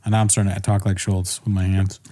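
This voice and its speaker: A man's voice: deep voice, little pitch movement, fairly quick, dark tone. Joking man in a podcast chat. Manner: loose, joking, laughs often. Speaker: podcast co-host. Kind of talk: casual comedic chat.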